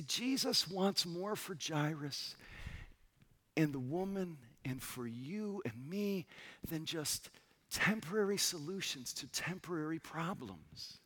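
A man in his forties preaches with a slightly husky, fairly high voice that swoops lively through each phrase. He turns tender and personal, sinking to a near hush for quoted lines. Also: slow pace. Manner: tender, dropping to a soft hush for quoted words. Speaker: pastor. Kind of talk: sermon.

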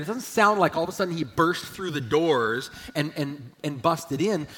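A man preaching a sermon as a pastor, emphatic, swelling loud and then dropping low. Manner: emphatic preaching, rising and falling in volume. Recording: long church hall reverb.

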